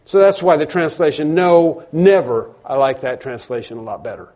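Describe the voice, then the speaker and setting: A man preaching a sermon, stressing words loudly and then dropping low, often repeating phrases. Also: lively intonation, normal speed, hardly any pauses. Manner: emphatic, repeats phrases, swings between loud stresses and quiet drops.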